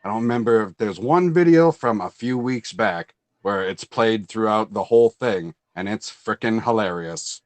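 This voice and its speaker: A man's voice: on the low side, moderate pace, hardly any pauses, no room sound. A man hosting a casual fan chat, telling stories with energy and acting out what others said. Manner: animated storyteller, acts out quotes in a raised voice. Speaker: host.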